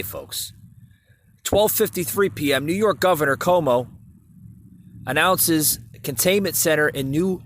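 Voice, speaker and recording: A man's voice: a little high, fairly bright tone. Rambling man hosting a solo podcast. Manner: rambling, many fillers and restarts, addresses folks. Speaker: podcast host. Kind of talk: casual solo podcast commentary.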